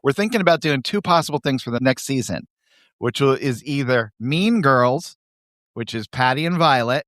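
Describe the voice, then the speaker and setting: A podcast co-host chats casually, reading comic strips aloud with animation and laughing along, faint music in the background. His voice is mid-range and his speed normal, recorded with clean studio sound and no echo.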